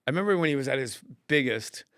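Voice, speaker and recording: A man hosting a comedy podcast, chatting in an animated way, joking and swearing as he tells stories. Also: medium pitch, smooth, no room sound, clean studio sound. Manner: animated, profane, quick with jokes. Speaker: podcast host. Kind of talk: casual podcast chat.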